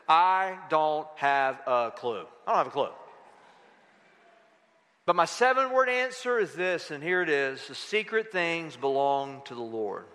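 A preacher with a high, bright voice delivers an emphatic sermon, throwing questions out to his congregation. The sound carries a long reverb from the church hall. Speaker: pastor. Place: church sanctuary.

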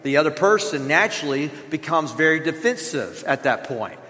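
Man, pastor, sermon, conversational, high pitch, hall reverb. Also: very animated, normal speed, bright, forceful tone. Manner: earnest, conversational preaching with acted examples.

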